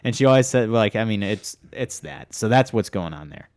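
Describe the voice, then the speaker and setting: A man's voice: fairly low pitch, animated, moderate pace, creaky, darkish tone, no room sound. Dry-sounding man, casual podcast banter. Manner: joking, loose storytelling with swearing. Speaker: podcast co-host. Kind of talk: casual chat.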